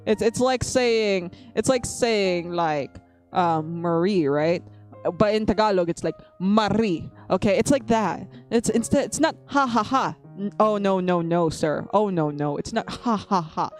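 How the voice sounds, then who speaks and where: A woman's voice: mid-range voice, expressive, a little slow, faint music behind. A woman chatting casually on a live stream, rambling and restarting her sentences.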